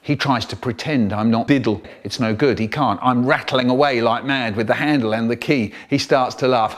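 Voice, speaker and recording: A man reads a comic children's story aloud with animated, playful delivery. His voice sits at an ordinary middle pitch, and he hops between narration and character voices. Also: moderate pace. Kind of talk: comic story reading, edited into a remix.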